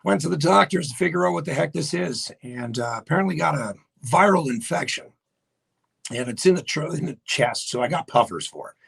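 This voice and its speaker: Man, Newfoundland accent, hoarse raspy voice, high-pitched, gravelly, chatty live host. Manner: chatty, greets viewers by name. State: hoarse from laryngitis. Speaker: radio show host. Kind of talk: casual live-stream chat. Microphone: webcam setup for live video.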